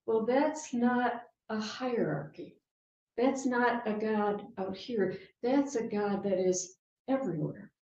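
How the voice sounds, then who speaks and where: A woman's voice: fairly high pitch, slow pace, a little hiss or hum. Chatty woman minister in a roomy sanctuary. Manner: chatty and lively, laughs often, asks "right?". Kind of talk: sermon. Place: church sanctuary. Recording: dull, roomy sanctuary sound.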